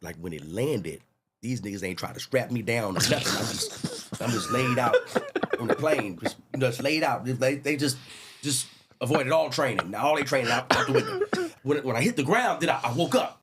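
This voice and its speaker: A man spins a comic story with a lively, swooping voice, jumping into the voices of the people in it. His pitch sits mid-range for a man, and a faint hiss of noise runs behind him. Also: moderate pace. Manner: lively, acts out other people's lines. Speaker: guest storyteller.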